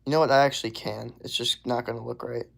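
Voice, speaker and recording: Laid-back young male streamer with some vocal fry, casual chat with viewers. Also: medium pitch, steady tone, fast, a bit bright. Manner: laid-back, drawling, says "bro" and "hell yeah" a lot. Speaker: livestreamer. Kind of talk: casual livestream chat reading viewer comments.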